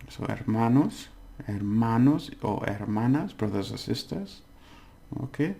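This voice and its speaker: Male tutor, casual and patient, slow delivery, gravelly tone, overpronounces example words. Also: fairly low pitch, animated, dark tone. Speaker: language teacher. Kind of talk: casual spoken language lesson.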